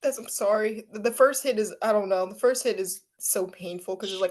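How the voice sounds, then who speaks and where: A woman's voice: mid-range voice, a little fast. A young woman co-hosting a podcast, chatty, packing her talk with "like" and acting out voices when she quotes people. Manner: chatty, many "like" fillers, animated when quoting. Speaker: podcast co-host. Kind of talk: casual chat.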